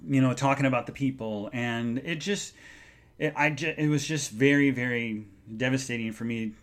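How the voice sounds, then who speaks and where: A man hosting a solo podcast, talking in an earnest, halting way with many restarts as he recounts an emotional day. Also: medium pitch. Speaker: podcast host. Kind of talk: solo live podcast monologue.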